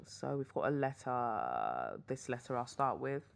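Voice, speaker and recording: A woman's voice: rumbling low, very animated, unhurried, gravelly. A young British woman hosting a podcast, chatting casually and rambling through asides while reading tarot. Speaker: podcast host and tarot reader. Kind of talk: casual chat. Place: hotel room.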